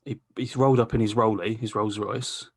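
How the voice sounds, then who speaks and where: A man's voice: fairly low pitch, steady tone, fairly quick, husky, dry recording, studio quality. A man hosting a podcast, telling a long rambling story in casual chat, swearing freely and laughing mid-sentence. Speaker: podcast host.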